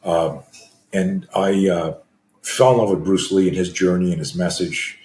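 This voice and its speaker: With a low voice, steady tone and measured pace, a man in his sixties tells stories as a guest in conversation. He is a Canadian self-defense coach and his voice is a little mellow; he acts out scenes with screams and gasps. Roomy echo colors the recording.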